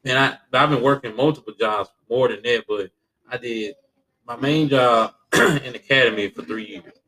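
Animated man telling a story. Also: moderate pace, low-quality recording. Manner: animated, laughing, swings between low and loud; casual profanity and slang. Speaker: podcast guest. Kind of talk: casual conversational storytelling.

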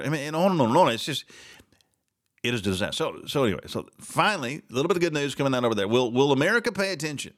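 A man's voice: mid-range voice, animated, a little fast, pauses often, a bit bright. A man hosting a solo talk show, giving opinionated commentary with sarcastic, mocking asides and many repeated words.

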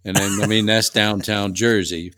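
A man's voice: lowish voice, level tone, normal speed, bright, forceful tone, dry recording. An older man with a New Orleans accent, a guest swapping folksy, rambling stories at a dining table. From Louisiana. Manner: folksy, rambling, repeats words. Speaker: guest, HVAC tradesman. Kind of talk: casual storytelling chat. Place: family dining table, indoors.

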